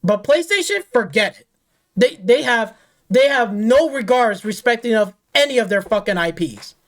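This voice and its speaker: A woman's voice: a little high, lively intonation, moderate pace. A woman hosting a gaming channel, ranting off the cuff in a heated, profane way, repeating herself and firing rhetorical questions. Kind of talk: angry off-the-cuff rant.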